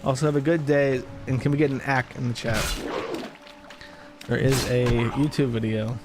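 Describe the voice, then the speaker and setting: A man's voice: medium pitch, little pitch movement, normal speed, music in the background. An American man streaming live, reading viewer donations aloud with wry, offhand remarks. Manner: wry, offhand, chuckling asides. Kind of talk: casual live-stream chat.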